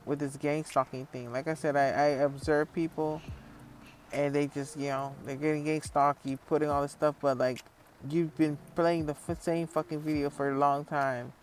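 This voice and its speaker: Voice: mid-range voice, a little hiss or hum. A vlogger talking in a casual, rambling monologue, swearing a lot and full of fillers, acting out other people when telling stories. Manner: profane, rambling, frequent fillers; lively storyteller acting out others.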